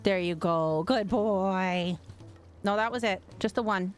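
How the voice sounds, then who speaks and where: A woman's voice: medium pitch, takes it slowly, smooth. A woman streaming a video game, chatting casually, laughing often and talking sweetly to her pets. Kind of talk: casual live-stream chat.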